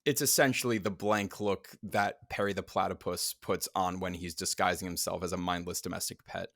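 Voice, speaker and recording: Low voiced guy on a chat podcast, rambly and jokey, dead dry sound. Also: steady tone, normal speed, a bit bright, no room sound. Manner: rambling, playful, laughs often. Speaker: podcast co-host. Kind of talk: casual chat.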